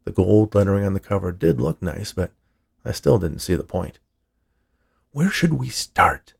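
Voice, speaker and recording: A man reading a story aloud in a dry, measured narrating manner. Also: low voice, expressive, creaky, mellow, slightly rough. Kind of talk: scripted narration.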